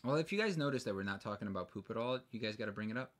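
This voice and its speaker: Man rambling low-voiced livestream host. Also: animated, rapid-fire. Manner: rambling, joking, frequent restarts. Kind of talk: casual live stream chat.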